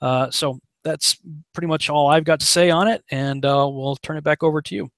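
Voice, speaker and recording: A man leading a casual online Bible study, animated, acting out quotes in a raised voice and chuckling often. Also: on the high side, fairly quick, dry recording. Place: home setup on a live broadcast.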